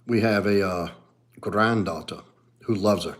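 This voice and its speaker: Blunt, profane New Orleans man. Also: measured pace. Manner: blunt and profane, swings between low mutters and animated outbursts. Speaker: livestream host and martial arts coach. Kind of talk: casual livestream chat reading comments.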